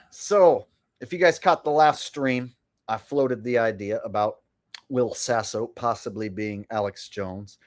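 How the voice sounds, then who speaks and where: A man hosting a livestream, talking in a boastful, rambling way as he comments on clips. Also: mid-range voice. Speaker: livestream host. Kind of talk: casual stream commentary.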